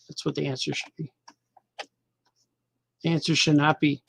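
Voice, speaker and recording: A man's voice: fairly high pitch, flat delivery, moderate pace, vocal fry, long pauses, a bit bright, slightly rough, dry recording. A middle-aged man hosting a casual show as a cartoonist, rambling and joking loosely, half talking to himself while he draws. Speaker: cartoonist and podcast host.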